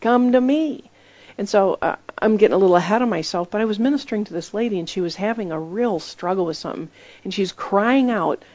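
A woman's voice: medium pitch, fast, darkish tone, dry recording, lo-fi sound. A woman preaching in a conversational sermon style, telling stories emphatically and acting out the voices she quotes.

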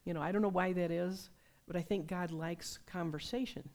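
A woman preaching a sermon, telling personal stories in a conversational, animated way. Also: fairly low pitch, moderate pace. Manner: conversational, animated storytelling with laughs.

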